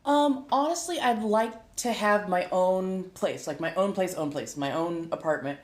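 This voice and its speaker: Chatty American streamer woman, low voice, loose rambling delivery, roomy echo. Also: a little slow. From United States. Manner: rambling, laughs often, self-correcting. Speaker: streamer and tarot reader. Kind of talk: casual chat to live viewers. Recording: echoey room.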